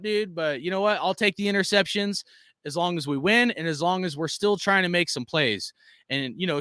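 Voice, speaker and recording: A high-voiced man with a bright, sharp edge rants on a live stream from home. He is profane and excitable, and he rambles as he talks. His voice is close and dry, with almost no room sound. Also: no echo. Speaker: sports fan channel host. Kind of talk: live-stream fan rant.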